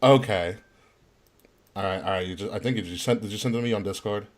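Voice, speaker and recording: A man hosting a live-stream podcast, relaxed, muttering to himself while fixing technical problems. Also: lowish voice, quick pace. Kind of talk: casual live-stream chat.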